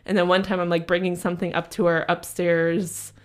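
A woman's voice: fairly low pitch, level tone, a little fast. A young adult woman co-hosting a casual podcast, telling a rambling story and laughing often. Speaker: podcast co-host. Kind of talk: casual chat.

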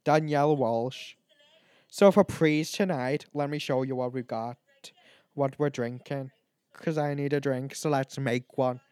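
A man's voice: mid-range voice, steady tone, a little slow, darkish tone, no room sound. A tipsy man, chatting loosely and swearing as a podcast host. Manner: rambling, chatty, swears a lot, laughs at himself. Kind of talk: casual drunk chat, ranking canned cocktails.

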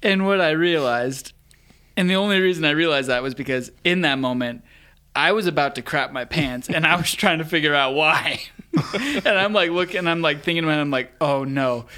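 A young man casually telling an embarrassing story, animated and laughing as he goes. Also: fairly high pitch, moderate pace. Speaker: guest storyteller.

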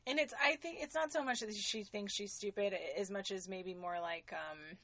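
A woman's voice: mid-range voice, normal speed, fairly bright tone, no echo. Chatty, swearing woman podcaster. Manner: loose, profane, lots of "like". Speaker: podcast co-host. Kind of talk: casual chat.

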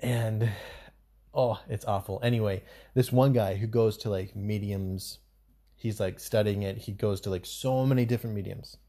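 A man's voice: lowish voice, fairly even intonation, moderate pace, mellow. A man co-hosting a podcast in casual chat, talking in a loose, rambling way with lots of fillers. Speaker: podcast co-host.

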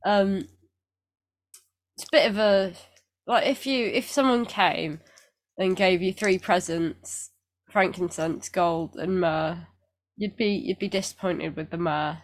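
A woman's voice: mid-range voice, measured pace, pauses often. A woman co-hosting a casual podcast, rambling and self-deprecating with lots of fillers, getting over feeling unwell. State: recovering from illness. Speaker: podcast co-host. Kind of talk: casual chat.

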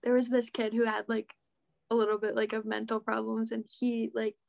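A woman's voice: on the high side, level tone, moderate pace, gravelly, darkish tone. A young woman co-hosting a casual chat, telling stories and acting out quotes. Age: young adult. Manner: chatty storyteller, acts out quotes.

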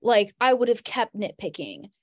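A woman's voice: mid-range voice, big pitch swings, moderate pace, no echo. A young adult woman, a podcast guest, telling a personal story in casual chat, saying "like" often and laughing as she goes.

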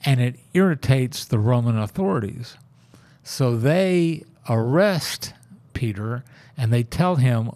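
With a mid-range, somewhat dark voice and a measured pace, this man tells a Bible story and his own journey of faith. He's a church member speaking casually and folksily, performing the quoted lines.

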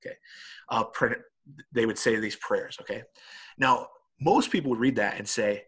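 A middle-aged man with a husky, slightly breathy voice talks in a relaxed conversation. He tells stories with animation and keeps checking in with his listener. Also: medium pitch, normal speed. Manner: animated storyteller with many "right?" tags. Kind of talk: casual conversation.

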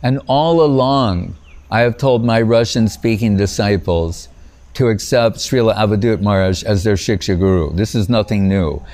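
A man's voice: on the low side, normal speed, a little mellow. Man giving a rambling anecdotal talk. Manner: rambling and anecdotal, frequent "you know", breaks off and restarts; chuckles at his own stories. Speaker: spiritual teacher. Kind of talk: informal spiritual talk.

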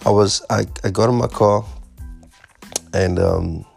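A man casually telling a story about his first stand-up gig, animated and swearing as he acts out his panic. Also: on the low side, unhurried, vocal fry, husky, faint music behind. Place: Fremantle area, Western Australia.

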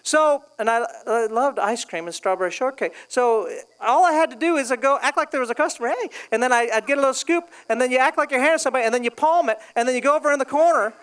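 A man's voice: extremely high pitch, quick pace, hardly any pauses, smooth. A male pastor preaching a sermon, telling funny stories from his past and joking with the congregation. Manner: storytelling, joking, animated.

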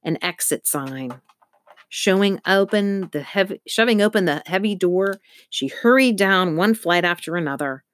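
Low-voiced woman reading a storybook. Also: no room sound. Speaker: narrator. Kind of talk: audiobook narration.

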